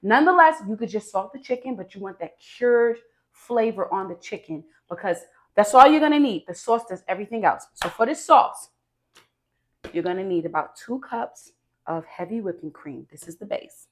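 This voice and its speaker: A woman hosting her own cooking vlog, talking straight to viewers in a lively, emphatic and chatty way, with slangy asides. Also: medium pitch, normal speed. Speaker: cooking show host.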